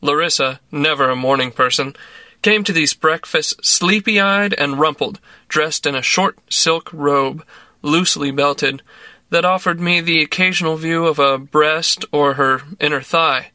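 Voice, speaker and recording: A man reading a story aloud as narrator in a measured, even way. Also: on the high side, no room sound.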